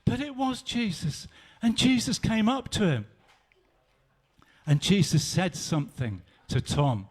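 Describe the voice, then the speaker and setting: A male pastor giving an animated storytelling sermon. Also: high-pitched, a little slow, slightly rough.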